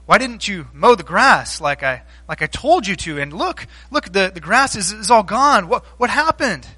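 A man's voice: sits high, big pitch swings, moderate pace, sharp tone, slightly rough, exaggerated voice. A man voicing a frustrated father who questions his son again and again in a sermon story. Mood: exasperated. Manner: exasperated, repeated questions.

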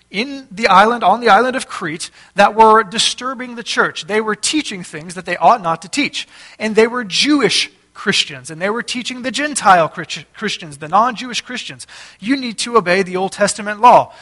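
Man, pastor, high-pitched, bright tone, conversational sermon, asks questions of the listeners. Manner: conversational, asks the congregation questions and tells family stories. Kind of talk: expository sermon.

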